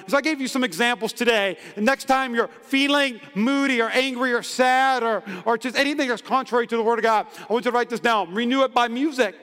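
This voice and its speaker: A male pastor preaching a lively, humorous sermon in a church, acting out the quoted voices of everyday people. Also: extremely high pitch, smooth. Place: church sanctuary. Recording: long hall reverb in a church.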